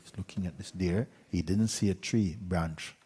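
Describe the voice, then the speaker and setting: A man, a spiritual teacher, telling a fable to an audience in an unhurried way, with pauses, sometimes dropping to a hushed whisper. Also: sits low, big-room sound, a little hiss or hum. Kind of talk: storytelling talk to an audience.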